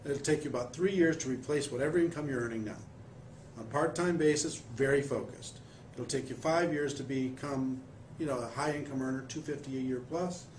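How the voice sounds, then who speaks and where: A man's voice: medium pitch, fairly quick. A man hosting an interview, asking long framing questions and giving coaching advice to viewers. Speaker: interviewer, network marketer. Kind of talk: conversational interview. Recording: roomy echo, faint background noise.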